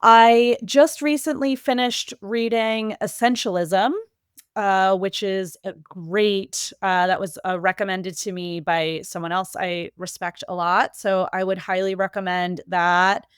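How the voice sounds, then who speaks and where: A woman with a New England accent talking casually as a podcast guest, quick and lively with many fillers and restarts. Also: medium pitch, smooth, no room sound, studio quality. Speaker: podcast guest, marketing executive. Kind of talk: casual interview talk.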